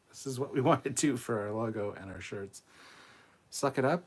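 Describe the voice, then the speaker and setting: A man's voice: medium pitch, fast talker, a bit bright, breathy edge. A man hosting a casual livestream, reading out viewer comments and answering in a laid-back, blunt way with casual swearing. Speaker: host reading viewer chat.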